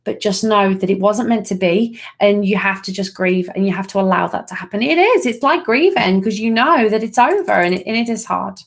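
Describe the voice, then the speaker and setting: A woman's voice: medium pitch, expressive, a little fast, vocal fry, hardly any pauses. Woman giving a casual psychic reading. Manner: reassuring, casual, answers chat comments. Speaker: psychic card reader. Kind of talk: live-streamed reading, chatting with viewers.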